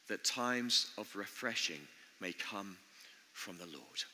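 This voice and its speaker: A man preaching a sermon in an earnest, conversational way, pausing often as he speaks in a church. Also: on the low side, animated, bright, forceful tone. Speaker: pastor. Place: church building. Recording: long church reverb.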